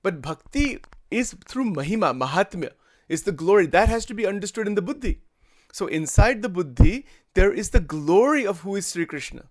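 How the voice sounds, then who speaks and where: A man's voice: sits high, big pitch swings, normal speed. A man giving a daily spiritual satsang discourse, explaining at length, repeating words and shifting between English and Hindi. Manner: frequent restarts and stammers. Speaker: spiritual teacher.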